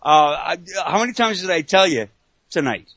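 A man's voice: high voice, very animated, fairly quick, fairly bright tone, breathy edge, no room sound. Laid-back man from Canada, co-hosting and cursing easily. His voice comes through a dry, slightly dull internet radio mic. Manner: laid-back, swears casually. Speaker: co-host. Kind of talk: casual chat.

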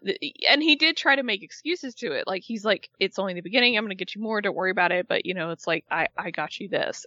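A woman co-hosting a casual chat, recapping a show with lively retellings and quoted voices. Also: medium pitch, dry recording, dull audio. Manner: animated retelling, acting out the people she quotes. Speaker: podcast co-host recapping a reality show.

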